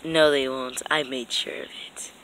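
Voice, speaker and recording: Woman doing a nightmare villain, fan cartoon, half-whispered, taunting, low voice, bright edge. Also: lively intonation, takes it slowly, full character voice, rough recording. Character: sinister whispering nightmare villain, cruel and mocking. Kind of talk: amateur voice acting for a fan animation.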